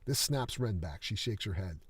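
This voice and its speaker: A man reading a screenplay aloud, scene headings and action alike. His voice sits low and sounds husky, and his reading is steady and dramatic. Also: moderate pace.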